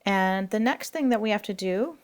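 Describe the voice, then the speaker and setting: A woman's voice: medium pitch, animated, normal speed. A woman language teacher explaining grammar rules in a recorded lesson, patient and explanatory with frequent fillers.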